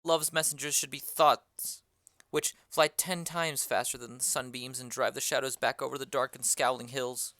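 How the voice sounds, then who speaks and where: An impatient young girl in love, put on by a reader in an amateur play reading. The voice is bright and clear, pleading and pressing with question after question. It is recorded dry and close. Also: mid-range voice, steady tone, moderate pace, no echo, lightly acted. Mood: longing.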